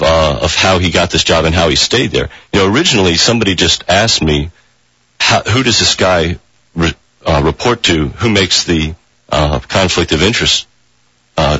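A man speaking as a reporter guest in a radio interview, halting with many fillers and restarts, on a dull lo-fi broadcast. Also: deep voice, pushed and bright, breathy edge, no room sound.

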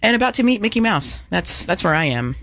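A woman's voice: mid-range voice, very animated, fairly bright tone, no echo. A woman co-hosting a show in casual banter, playful and teasing. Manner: playful, teasing, quick to laugh. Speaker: co-host.

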